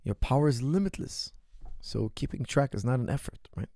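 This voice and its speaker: Gravelly-voiced man coaching on a livestream. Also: mid-range voice, animated, normal speed, dark tone, no echo. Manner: emphatic, keeps checking in with "right?" and "okay?". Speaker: martial arts coach. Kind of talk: livestream Q&A, answering viewer questions.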